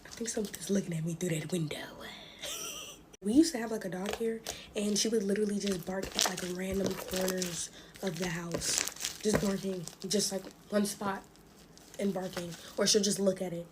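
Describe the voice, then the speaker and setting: In a very noisy recording, a young woman from the United States tells scary stories at home as she plays with slime. Her medium-pitched voice is expressive at a normal speed, and she chats casually with her viewers, calling them y'all.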